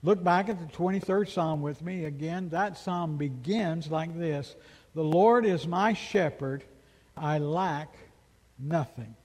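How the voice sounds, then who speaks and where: A man's voice: fairly high pitch, takes it slowly, darkish tone. A man preaching a sermon as pastor, emphatic and full of rhetorical questions, in a church sanctuary. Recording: long reverb of a large hall.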